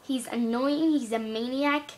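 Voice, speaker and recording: A young girl with a high, unhurried voice vlogs casually to camera about her classmates. She's chatty and giggly, rambling and restarting as she goes.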